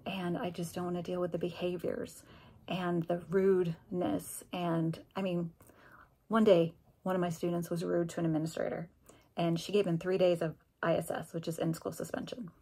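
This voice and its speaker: A woman's voice: fairly low pitch, little pitch movement, normal speed, warm tone, slightly rough. A middle-aged woman, a former special education teacher, candidly telling a personal story in a vlog and acting out the conversations she quotes. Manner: candid, conversational, acts out dialogue with quoted voices.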